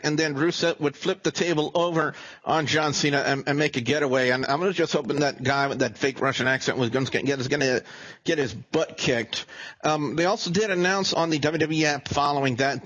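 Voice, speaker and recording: A man walks through last night's wrestling matches in a steady recap for a casual podcast. His voice sits a little higher than most men's. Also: low-quality recording. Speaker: wrestling show reviewer.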